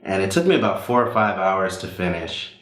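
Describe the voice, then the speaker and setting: Deep-voiced man telling a story on stage. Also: fairly quick. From Southern United States. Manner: relaxed, conversational with many fillers. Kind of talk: live personal storytelling. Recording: roomy live hall.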